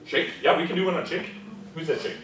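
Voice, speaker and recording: A man teaching a diction class. He explains patiently, keeps checking in with "okay?" and "right?", and slowly chants example lines. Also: fairly high pitch, crowd noise. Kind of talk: classroom lesson. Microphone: far room recorder. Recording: echoey classroom from far off, class murmur.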